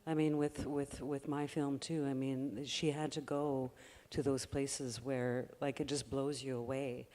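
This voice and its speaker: A man's voice: medium pitch, flat delivery, a little slow, a little mellow. A man who makes films, speaking in a panel discussion in a thoughtful, loosely phrased way. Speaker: filmmaker on a panel. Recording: long hall reverb.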